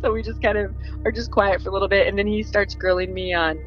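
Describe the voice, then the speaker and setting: A woman recounting a story in an easy, conversational way. She laughs often and slips into quick impressions of the people she describes. The sound is a little dull and lo-fi, with faint music playing behind her. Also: mid-range voice, steady tone. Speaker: guest storyteller. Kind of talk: casual storytelling.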